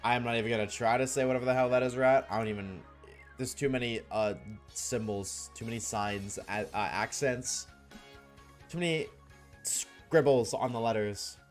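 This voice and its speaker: A man's voice: medium pitch, normal speed, soft background music. A man streaming live, chatting casually and joking with his viewers, often laughing.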